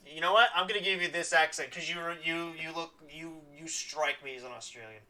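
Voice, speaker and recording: A man's voice: a little high, brisk, hardly any pauses, sharp tone, distant mic, low-quality recording. A man streaming a game, giving playful casual commentary with laughing asides. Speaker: streamer reading a game aloud.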